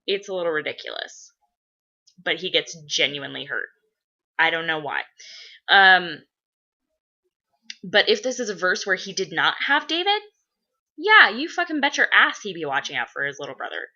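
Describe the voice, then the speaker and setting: A woman's voice: fairly low pitch, pushed and bright. A woman chatting casually as a role-play blogger, rambling and swearing a lot. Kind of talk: casual chat. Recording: dull lo-fi recording.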